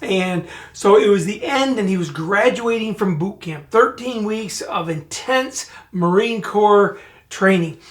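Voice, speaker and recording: A middle-aged man from Michigan, co-hosting a podcast, telling a family story in a lively, casual way. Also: sits high, measured pace. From Michigan, USA. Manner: animated storyteller who speeds up and gets loud when retelling scenes. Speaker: podcast co-host.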